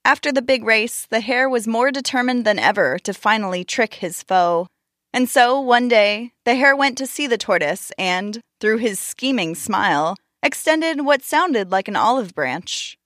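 A woman host narrating a storybook tale with expressive, measured delivery. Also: on the high side, dry recording, studio quality.

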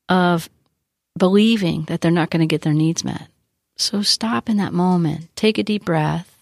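A woman's voice: fairly low pitch, darkish tone, no room sound, clean studio sound. A woman who works with children, speaking earnestly to parents and teachers and coaching them with frequent rhetorical questions. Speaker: child behavior educator. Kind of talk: advice talk to parents.

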